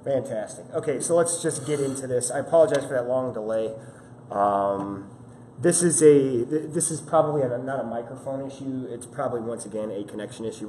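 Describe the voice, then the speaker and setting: A man's voice: mid-range voice, mellow. Chatty man hosting a live fitness stream. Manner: chatty, apologetic, upbeat with viewers. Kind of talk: casual live-stream chat. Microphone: camera-mounted mic. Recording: roomy echo with faint ambient noise.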